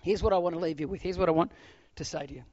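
A middle-aged pastor with a slightly high voice preaches with lively swings between loud bursts and hushed near-whispers. The sound is dry and close with no room around it, and a bit dull and lo-fi. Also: male voice, racing, no room sound. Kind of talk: sermon.

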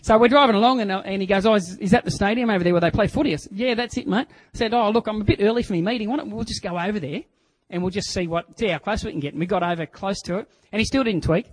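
A middle-aged Australian man preaching a sermon, telling stories and acting out voices, swinging from hushed to loud. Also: high voice, fast, poor audio. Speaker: pastor.

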